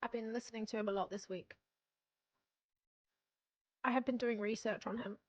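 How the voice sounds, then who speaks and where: A woman's voice: fairly high pitch, steady tone, normal speed, highs cut off. A young woman chatting casually on a livestream, rambling and self-deprecating, laughing often. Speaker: streamer.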